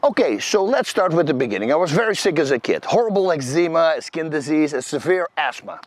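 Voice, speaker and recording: A middle-aged man with a Dutch accent, telling his personal story to camera in an animated, emphatic, slangy way. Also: a little high, a little fast, dry recording. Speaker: host.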